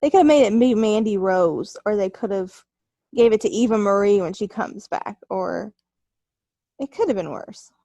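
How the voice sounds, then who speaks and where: A young woman co-hosting a wrestling podcast, calmly reassuring her co-host in casual chat. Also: mid-range voice, moderate pace, dry recording. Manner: calm, reassuring.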